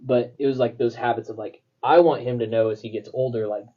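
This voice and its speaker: A man's voice: medium pitch, fairly even intonation, a little fast, lo-fi sound. A young man and podcast co-host, talking casually and rambling through stories with lots of fillers. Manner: rambling, filler-heavy storytelling. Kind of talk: casual chat.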